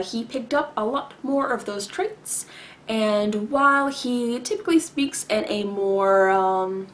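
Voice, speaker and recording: Woman vlogger, unhurried and carefully enunciated, mid-pitched, pauses often, fills gaps with ums and throat-clearing. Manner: deliberate, enunciated, with long pauses; frequent filler words and throat-clearing. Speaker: vlogger answering viewer questions. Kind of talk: casual explanatory talk to camera.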